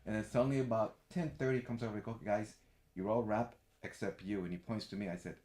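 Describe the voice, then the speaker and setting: Animated man telling a story. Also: lowish voice, fast, roomy sound. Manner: animated, acts out quoted voices. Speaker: guest, background actor. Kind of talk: casual storytelling.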